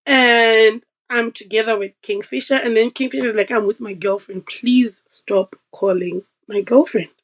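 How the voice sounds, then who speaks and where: A woman guest on a podcast, telling a personal story in a casual, animated way and acting out the voices of the people she quotes. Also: fairly high pitch, moderate pace, few pauses, rough recording.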